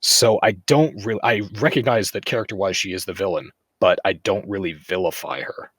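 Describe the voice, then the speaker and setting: A man's voice: low-pitched, fairly quick, fairly bright tone, slightly rough, dry recording. A man co-hosting a podcast in casual chat, rambling with lots of fillers. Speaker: podcast co-host.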